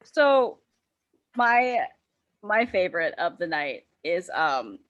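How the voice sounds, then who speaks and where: A woman chatting casually on a podcast panel, giggling often, teasing the others and pitching ideas eagerly. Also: very animated, slow pace, fairly bright tone, dry recording, lo-fi sound. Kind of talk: casual chat.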